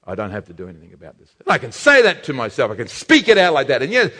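Man, preacher, sermon, emphatic, bright tense tone, echoing hall. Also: mid-range voice, breathy edge. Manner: emphatic, animated preaching with slowed stressed phrases. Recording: reverberant hall.

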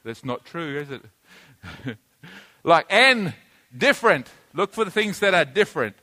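A man pastor teaching a sermon, slow and emphatic, repeating key words and drawing in his listeners. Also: on the high side, big pitch swings, pushed and bright. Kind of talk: sermon with audience interaction.

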